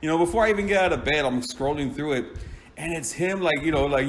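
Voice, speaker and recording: A man's voice: a little high, fairly quick. A man telling a story in a casual, rambling way, swearing and laughing often.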